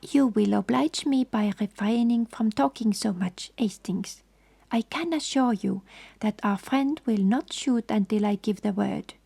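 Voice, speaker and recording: A woman's voice: mid-range voice, a little slow, gravelly, mellow, slightly rough. A woman voicing a fussy, precise older male detective in a whispered role-play, formal and mildly reproving. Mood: suave.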